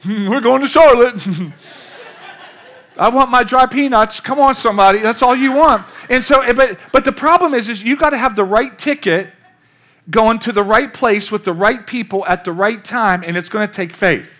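A man's voice: sits high, moderate pace. An older man, a pastor, preaching a sermon through a long story, calling out questions to the congregation. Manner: storytelling, animated, calls out to the congregation.

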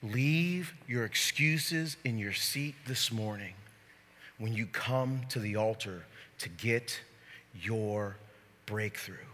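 A man pastor preaching a sermon to his church, moving from quiet teaching to shouted preaching. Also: fairly low pitch, takes it slowly. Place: church sanctuary. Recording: long reverb of a large hall.

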